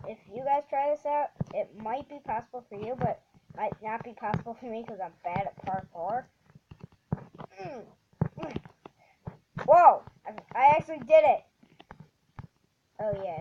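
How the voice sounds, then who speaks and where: A woman hosts her own gaming channel, talking through her play slowly, with many restarts and sudden excited outbursts. Her slightly high voice swings widely in pitch. The recording is dull and lo-fi, with clear steady noise behind her. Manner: halting, restarts often, bursts into excited exclamations. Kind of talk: casual gameplay commentary.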